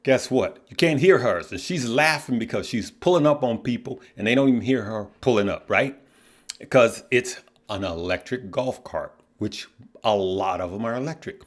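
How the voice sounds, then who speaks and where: A man's voice: mid-range voice, normal speed. Blunt, joking male vlogger. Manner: blunt, opinionated, joking storyteller. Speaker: investing course host. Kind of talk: casual vlog monologue.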